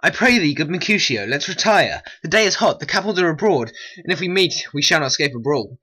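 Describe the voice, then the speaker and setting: A man's voice: fairly high pitch, lively intonation, brisk, sharp tone, breathy edge, heavily acted. A man voicing an urgent young peacekeeper in a homemade stop-motion animation.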